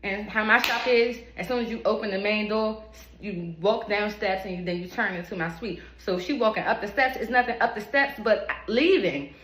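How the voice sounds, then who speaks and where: Young woman, hairstylist, animated and profane storyteller; phone recording in a reverberant room with noise behind. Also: mid-range voice, moderate pace. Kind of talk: casual storytime to camera. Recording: echoey room with steady background noise.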